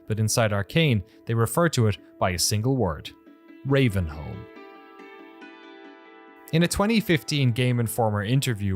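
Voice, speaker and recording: Man, documentary narrator, measured scripted read, slightly low, faint music behind. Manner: measured, even delivery.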